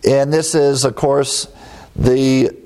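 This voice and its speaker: A man preaching an expository sermon, explaining word meanings with emphatic rises in pitch and brief chuckling asides. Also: level tone, slow pace, darkish tone. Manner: emphatic teaching, leaping up in pitch on key words, chuckling asides.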